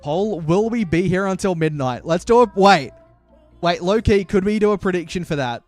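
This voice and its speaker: Hyped streamer, high voice. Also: male voice, animated, normal speed, no room sound, faint music behind. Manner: chatty, hyped, playful banter with chat. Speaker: streamer and caster. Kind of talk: live stream commentary.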